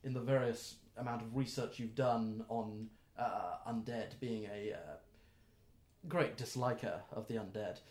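A man running a tabletop game as game master, narrating with many fillers and pauses. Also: on the low side, fairly even intonation, darkish tone. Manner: rambling with fillers, puts on gruff voices. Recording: roomy echo.

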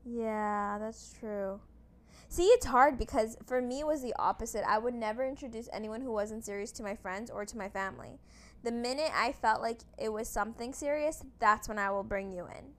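A young woman with a slightly high voice chats about dating in an easygoing way. She hedges her points and fills her speech with casual fillers. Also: normal speed, a bit bright. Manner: easygoing, hedging, many "like" fillers. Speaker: podcast co-host.

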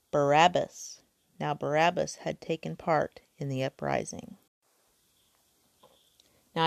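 A woman's voice: deep voice, gravelly, a little mellow, no room sound. A woman reading a Bible passage aloud and then talking it through casually and earnestly, with some restarts. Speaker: podcast host.

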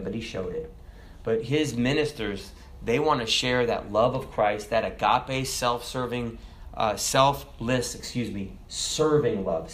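A middle-aged pastor in the middle of a sermon, talking plainly and conversationally to his congregation. His voice is average in pitch for a man. He swings often from loud, raised bursts down to quiet, low asides. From America. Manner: animated storytelling preacher, jumps loud and high then drops soft.

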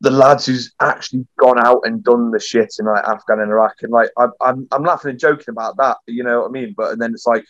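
A man's voice: mid-range voice, fast, few pauses, no echo. Sweary young man, muffled sound. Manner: sweary, animated storyteller acting out quotes. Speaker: podcast guest. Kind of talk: casual storytelling. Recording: dull lo-fi sound.

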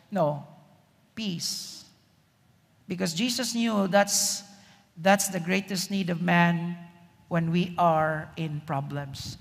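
Male pastor preaching slow n emphatic, high gravelly voice, big hall echo. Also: a bit bright. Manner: slow, emphatic preaching with call-outs to the congregation. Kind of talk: sermon.

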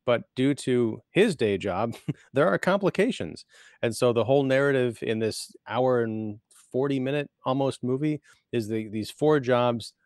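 A man co-hosts a relaxed movie podcast, walking through a plot recap with lots of ums and likes. His voice is mid-pitched and ordinary. It is recorded close and dry. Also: measured pace, dry recording. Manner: rambling plot recap with many fillers. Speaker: podcast co-host. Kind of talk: casual movie-podcast chat.

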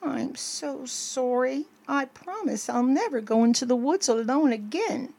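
A woman's voice: sits high, expressive, a little slow, vocal fry, a little mellow, exaggerated voice. A woman voicing Franklin, a small, timid young turtle boy, in a small frightened voice for a storybook. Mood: earnest.

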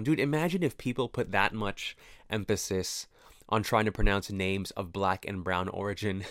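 A man's voice: lowish voice, fairly quick, no echo, clean studio sound. A man talking to camera in a rambling, profane, reflective monologue that keeps interrupting itself. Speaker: vlogger. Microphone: camera mic, close.

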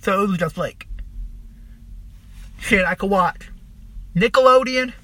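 A young man casually telling a long, profane, rambling story about his past, animated as he retells it. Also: high voice, a little slow.

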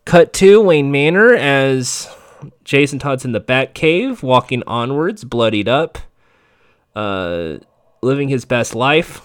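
A man's voice: medium pitch, expressive, slow pace, smooth, dry recording, studio quality. A man giving a casual, sarcastic, profane play-by-play recap of a TV episode.

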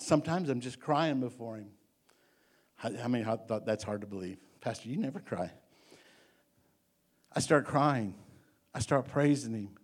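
A man with a fairly high voice preaches to his congregation, earnest and insistent. He restarts and repeats words as he builds toward each point. His sermon rises and falls as he presses the message home. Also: a little mellow. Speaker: pastor.

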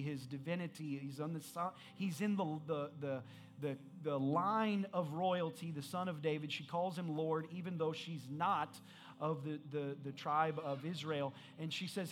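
A man in his thirties with a high, bright voice, preaching a sermon. He reads scripture slowly, then builds into loud, emphatic, animated bursts as he addresses the congregation. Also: faint music behind. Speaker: pastor.

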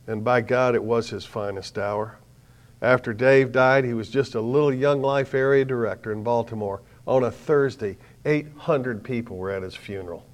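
An older man preaching a sermon, telling a story dramatically and swinging from hushed tones to loud ones. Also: mid-range voice, steady tone, fairly quick.

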